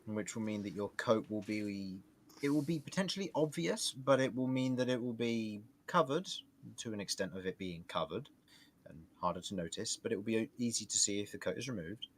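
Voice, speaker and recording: A man narrating a tabletop game as game master, lively and laughing often. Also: lowish voice, a little fast. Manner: lively, laughs often while describing scenes.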